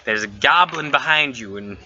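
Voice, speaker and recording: A man's voice: medium pitch, lively intonation, normal speed, pushed and bright. A man narrating as game master of a tabletop game, casual and swearing freely. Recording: dull lo-fi recording with faint hiss.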